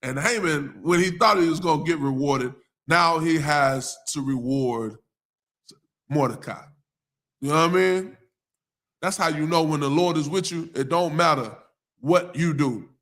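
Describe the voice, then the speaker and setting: A man's voice: on the high side, fairly bright tone. Laid-back Southern man preaching scripture. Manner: casual street slang, laughs often, reads verses slowly. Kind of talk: live-streamed scripture teaching.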